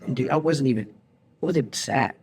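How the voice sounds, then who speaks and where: A man in his forties hosting a casual podcast chat, telling stories in an animated, slangy way and calling people bro and dude. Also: medium pitch, a little fast, gravelly, slightly rough. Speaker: podcast host.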